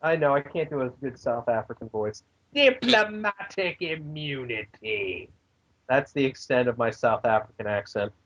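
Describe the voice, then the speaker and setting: A man's voice: medium pitch, a little fast, few pauses, lo-fi sound. A man co-hosting a casual podcast, rambling through a wrestling recap with filler words and goofy voices.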